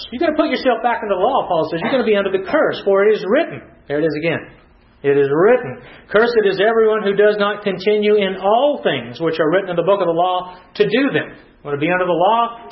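A man preaching an expository sermon to a congregation, teaching verse by verse with repeated phrases and fillers. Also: a little high. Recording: roomy, dull recording.

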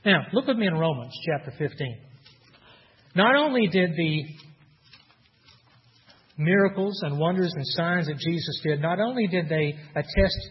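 A man preaches a sermon in an earnest teaching tone, reading scripture aloud and posing rhetorical questions. His voice is on the high side with lively intonation, a moderate pace and long pauses, recorded with dull sound and long hall reverb.

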